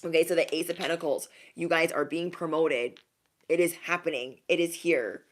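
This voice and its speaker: Speaking at a moderate pace with fairly even intonation, a woman does a laid-back tarot reading for her audience. She comes across as sassy and emphatic, repeating lines for effect and mocking others in high, affected voices.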